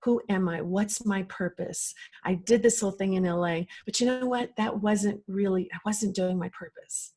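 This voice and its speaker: A woman's voice: mid-range voice, moderate pace, few pauses, warm tone. A middle-aged woman, a podcast guest, telling a personal story in an earnest, emotional way.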